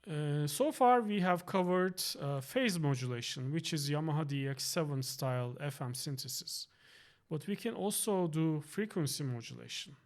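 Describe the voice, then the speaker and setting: A man presenting a software synthesizer tutorial, thinking aloud with fillers and quick self-corrections. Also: on the high side. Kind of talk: screen-recorded software tutorial. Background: synth tones playing under the voice.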